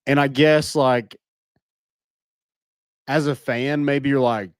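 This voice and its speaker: A young man talks sports in a loose, rambling way, full of "like" and little restarts. His mid-pitched voice sits dry and close to the mic, with no room around it. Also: steady tone, slow pace, smooth, dry recording. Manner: rambling, lots of likes. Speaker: podcast co-host. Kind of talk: casual sports chat.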